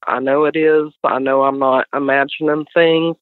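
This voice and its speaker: A middle-aged woman with a West Virginian accent, telling a story as an animated guest. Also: sits low, normal speed, no room sound. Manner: animated storyteller, acts out others' voices. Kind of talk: casual storytelling. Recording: tinny dry phone line.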